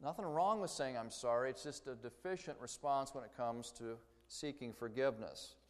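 A man's voice: medium pitch, moderate pace. Man teaching in a reverberant hall. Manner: conversational, explains with story examples. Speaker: Bible teacher. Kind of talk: church lecture.

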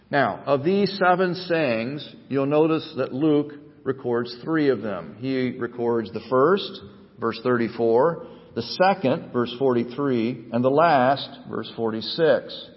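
A male pastor preaches at a middle pitch, letting his phrases climb and press for emphasis before settling back into steady teaching. The recording is muffled and dull, and his voice trails off into a long hall reverb. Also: slow. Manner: preaching with rising emphatic cadence. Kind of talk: sermon.

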